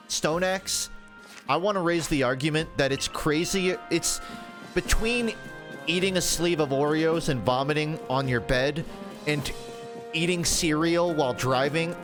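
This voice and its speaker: Rambling, profane male streamer. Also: fairly high pitch. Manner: rambling, profane storytelling with laughs. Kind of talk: casual livestream chat while gaming.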